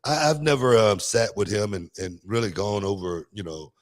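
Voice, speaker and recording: A man's voice: on the low side, normal speed. A man hosting a podcast in casual chat, talking emphatically and self-assuredly and repeating phrases for stress. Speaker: podcast host.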